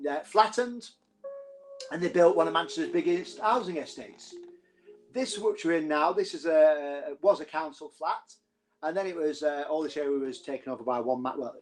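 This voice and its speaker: A chatty man with a northern English accent spins ghost stories for his live audience. His voice sits a little high and he jokes and laughs along as he goes. Soft music plays faintly behind him. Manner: chatty, jokey, laughs often. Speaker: host. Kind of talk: live-streamed ghost storytelling.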